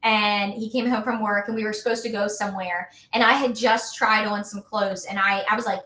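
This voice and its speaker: A woman in her thirties, a wellness coach, chats upbeat as a podcast guest in casual conversation, full of fillers like "like" and "you know." Her mid-range voice is pushed and bright, fairly quick and fairly even in intonation, with a roomy echo.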